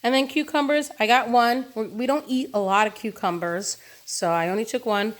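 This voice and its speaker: Woman vlogger, relaxed and upbeat, chatting into her phone at home while she shows and tastes her produce. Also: on the high side, normal speed. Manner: chatty, enthusiastic, eats while talking. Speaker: vlogger showing a farm share haul. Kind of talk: casual chatty vlog. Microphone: phone camera.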